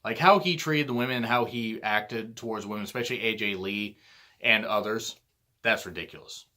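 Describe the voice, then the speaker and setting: A man's voice: on the low side, moderate pace, pushed and bright. A man hosting his own vlog, delivering a blunt, profane ranting monologue. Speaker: vlog host.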